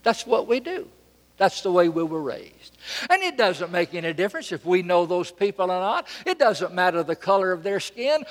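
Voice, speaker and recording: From a church pulpit in a large hall, a man with a high voice preaches dramatically and emphatically. He repeats phrases and swings between loud and soft.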